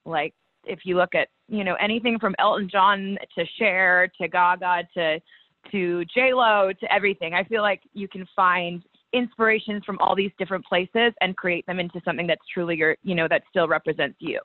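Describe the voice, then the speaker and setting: Animated woman on a tinny line. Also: fairly low pitch, normal speed, no echo. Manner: animated storyteller, acts out quotes, laughs often. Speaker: guest, pro wrestler. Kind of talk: casual interview.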